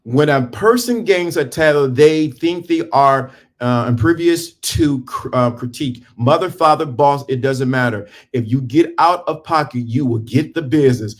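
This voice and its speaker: A man's voice: fairly high pitch, lively intonation, brisk. A middle-aged man giving a preachy, emphatic talk to viewers on a livestream, breaking off and restarting while he dresses. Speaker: livestream host. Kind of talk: casual motivational livestream talk. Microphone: phone or camera on a stand.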